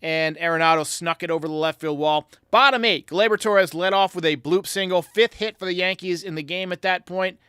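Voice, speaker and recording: Bright, high-voiced excitable male podcast host. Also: brisk, hardly any pauses, clean tone, no room sound, studio quality. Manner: excitable, talks straight to viewers. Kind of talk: casual game recap commentary.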